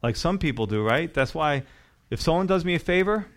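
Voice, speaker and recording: A man's voice: a little high, animated, fairly quick. A man preaching a sermon in a church as pastor, with emphatic rising and falling delivery.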